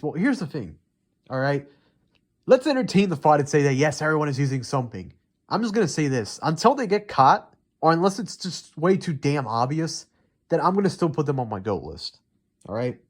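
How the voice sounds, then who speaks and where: A man's voice: mid-range voice, expressive, a little fast. A young man ranting heatedly and profanely in unscripted commentary, rambling with many fillers. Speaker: MMA commentary YouTuber.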